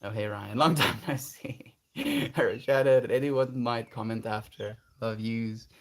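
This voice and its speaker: An earnest, reflective male livestreamer reads his chat in a casual stream, laughing often. His mid-range voice is animated but slow, with slight background noise.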